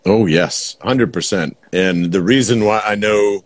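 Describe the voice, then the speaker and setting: A man's voice: on the low side, unhurried, no room sound. A man hosting a casual podcast chat, asking questions in a loose, playful way. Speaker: podcast host.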